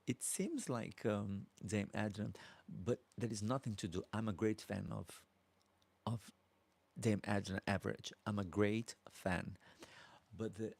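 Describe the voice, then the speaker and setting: A Brazilian man in his fifties, speaking with a Brazilian accent in a low, creaky, darkish voice, hosts a live Q&A as a drag performer. Slow and affectionate, he answers viewer comments and calls them darling, with no room sound in the recording.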